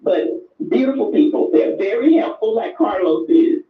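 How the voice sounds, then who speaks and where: A woman's voice: fairly high pitch, very animated, moderate pace, recorded from a distance, soft background music. An older woman calling in to a show, talking with effusive emotion and repeating herself. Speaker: caller. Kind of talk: call-in chat. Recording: echoey tinny phone line.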